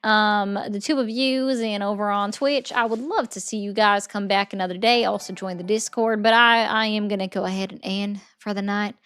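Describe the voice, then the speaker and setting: A woman's voice: mid-range voice, steady tone, moderate pace, few pauses, fairly bright tone, smooth. A woman hosting a livestream in a casual, rambling way, answering viewer comments and thanking viewers. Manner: chatty, rambling, reads viewer comments aloud. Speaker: livestream host.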